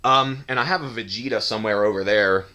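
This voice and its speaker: A young man talks through his toy collection in a loose, rambling way, restarting sentences and tossing in goofy asides. His voice sits fairly low, yet it has a bright, forward edge. It sounds like a camera mic in a bedroom. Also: fast. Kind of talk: casual rambling video tour. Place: home bedroom, indoors.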